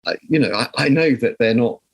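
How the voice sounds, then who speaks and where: A man's voice: mid-range voice, animated, brisk, slightly rough. An older man from southern England with a southern English accent, a guest musician telling stories in an interview in a reflective way, often restarting his sentences. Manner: reflective, storytelling with frequent restarts. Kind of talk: conversational interview.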